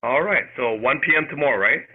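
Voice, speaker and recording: A man's voice: mid-range voice, quick pace, husky. A man taking part in a sales role play, hesitant and stumbling over his words. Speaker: workshop participant. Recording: tinny call audio.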